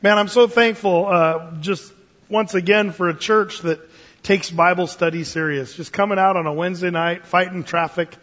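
A man preaching a sermon as pastor, enthusiastic and animated, with fillers and small chuckles, recorded in a church. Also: high voice, moderate pace. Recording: dull sound with long church reverb.

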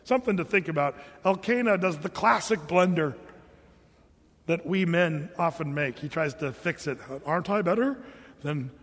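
A man's voice: a little high, normal speed, fairly bright tone. A man preaching a sermon in a humorous, conversational way, with joking asides to the congregation. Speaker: pastor. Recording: long hall reverb.

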